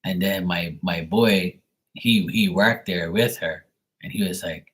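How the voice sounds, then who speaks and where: A man's voice: sits low, a little slow, a bit bright, breathy edge. A man hosting a live stream who tells stories in a rambling, blunt, profane way. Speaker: live tarot reading host. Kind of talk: casual storytelling on a live stream.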